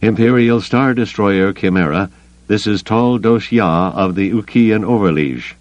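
A man's voice: lowish voice, unhurried, no echo, highs cut off, voice pushed up, lightly acted. A man voicing a nervous alien planetary leader with a slightly quavering voice. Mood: wary pleading.

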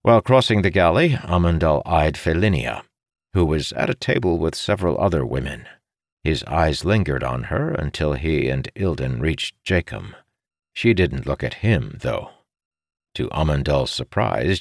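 A man narrating a fantasy audiobook in a steady, expressive reading. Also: a bass voice, normal speed, no room sound, studio quality.

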